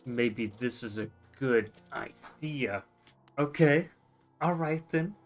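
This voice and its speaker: A man's voice: mid-range voice, takes it slowly, faint music behind. A man streaming a game, musing to himself in casual commentary and reading on-screen text aloud.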